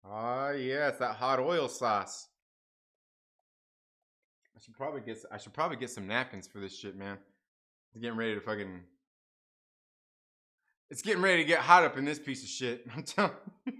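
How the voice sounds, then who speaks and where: A man's voice: mid-range voice, normal speed, pauses often, bright, forceful tone. A man hosting a casual late-night live stream, chatting with viewers, swearing and laughing as he eats. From half Mexican family. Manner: profane, laughing, talks to chat while eating.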